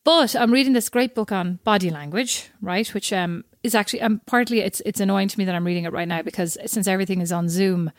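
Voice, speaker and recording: A woman's voice: medium pitch, fast, few pauses, dry recording, studio quality. A woman in casual chat as co-host, talking freely and acting out quoted voices. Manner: chatty, acts out quoted voices.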